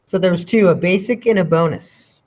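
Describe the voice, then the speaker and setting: A man's voice: high voice, brisk, a little mellow. A man teaching a coding bootcamp class, chatting casually and joking with students. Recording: noisy classroom audio.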